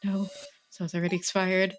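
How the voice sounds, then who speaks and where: A woman's voice: mid-range voice, level tone, moderate pace, faint music behind, lightly acted. A woman voicing a despairing teenage girl heroine in a game, reading her earnest inner monologue. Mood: shaken.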